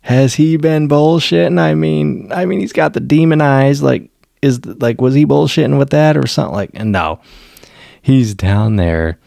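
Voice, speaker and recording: Gravelly man recapping a TV episode. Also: medium pitch, normal speed, no room sound, clean studio sound. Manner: excitable, laughs often, acts out quotes. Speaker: TV episode reviewer. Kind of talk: casual recap.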